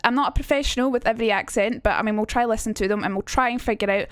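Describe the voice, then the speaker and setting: High-voiced woman streaming. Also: rapid-fire, dry recording, studio quality. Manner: chatty and self-mocking, swears freely. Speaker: streamer teaching accents. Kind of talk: casual livestream chat.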